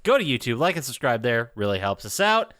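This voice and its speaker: A man's voice: medium pitch, sing-song, brisk, a bit bright, no room sound, clean studio sound. A man co-hosting a casual podcast, playfully quizzing his friends with would-you-rather questions. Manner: playful, quizmaster-like.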